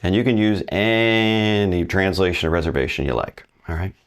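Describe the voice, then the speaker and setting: A man teaching a recorded language lesson, talking conversationally, quizzing the learner and saying example phrases slowly. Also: low-pitched, expressive, clean tone. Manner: asks the learner questions and pauses for answers. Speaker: Spanish teacher.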